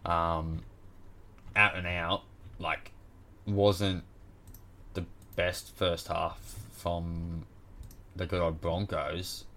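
A deep-voiced man with an Australian accent runs through results in a casual rant. He is blunt and exasperated and swears constantly. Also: level tone, very slow, pauses often, sharp tone. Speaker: podcast host.

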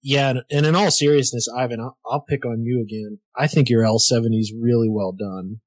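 A man co-hosts a podcast in a friendly, encouraging way. His voice is mid-pitched and sounds dry. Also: fairly even intonation, a little fast, no room sound. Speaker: podcast co-host. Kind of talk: podcast talk and sponsor read.

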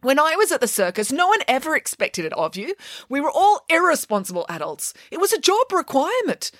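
A woman's voice: high-pitched, very animated, a little fast, fairly bright tone, no echo, studio quality, pitched above the performer's own voice. A woman voicing a flamboyant, self-important female pig nanny who talks in grand, sweeping tones. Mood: boastful.

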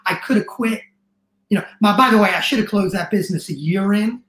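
A man's voice: high voice, fairly bright tone. Middle-aged male guest, earnest and emotional, roomy echo. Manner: earnest, emotional storytelling, rushed restarts. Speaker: guest, business coach. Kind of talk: casual interview chat.

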